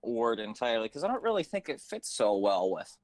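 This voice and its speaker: A man's voice: mid-range voice, sing-song, fairly quick, no echo, low-quality recording. Hesitant man directing over a dry phone. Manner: hesitant, rambling with many fillers. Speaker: writer and director. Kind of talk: casual directing chat.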